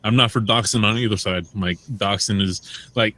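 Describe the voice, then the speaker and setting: A man's voice: fairly low pitch, steady tone, normal speed, bright, forceful tone, dry recording. A man in casual group voice chat who talks hesitantly, restarting often. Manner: hesitant, many fillers and restarts.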